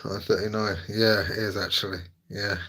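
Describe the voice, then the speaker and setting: Guy streaming and chatting w his viewers, husky voice, laughs a lot, teasing. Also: on the low side, level tone, normal speed, bright, forceful tone, low-quality recording. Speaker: live streamer. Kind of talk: casual live-stream chat with viewers.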